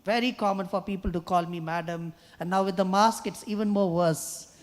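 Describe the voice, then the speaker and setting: A man with a high, soft voice often mistaken for a woman's. He preaches earnestly to a young audience, weaving stories and repeating a refrain. The sound carries the long reverb of a large hall. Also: fairly even intonation, moderate pace. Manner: earnest, storytelling, with quoted refrains. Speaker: guest musician and speaker. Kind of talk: sermon-style talk to a youth audience. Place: large hall at a choir festival.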